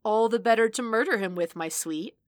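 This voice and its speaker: A woman voicing a brash, joking male mercenary on the phone, loud and theatrical. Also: fairly high pitch, brisk, no room sound, voice pushed up, close to an everyday voice. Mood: brash teasing.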